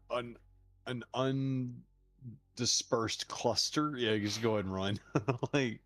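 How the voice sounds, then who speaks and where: A man's voice: mid-range voice, no echo. A man chatting casually while streaming a game, telling stories with lots of laughter. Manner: animated storyteller, laughs often, hums movie themes. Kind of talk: casual gaming chat.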